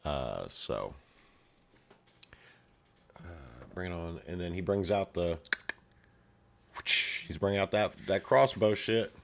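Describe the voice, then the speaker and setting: A man's voice: low-pitched, takes it slowly, creaky, long pauses, a little hiss or hum. A man casually retelling a violent comic story, swearing freely and filling it with sound effects. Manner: profane, full of sound effects.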